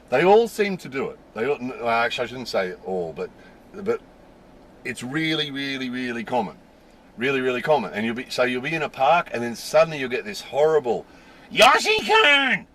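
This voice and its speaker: A man's voice: medium pitch, noisy background. A man vlogging casually to camera about life in Japan, stressing points by repeating his words.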